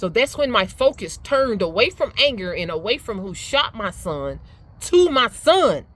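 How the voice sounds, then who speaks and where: A middle-aged woman giving life advice in a casual motivational talk, emphatic and animated, laughing often. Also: mid-range voice, a little slow. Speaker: speaker sharing life advice.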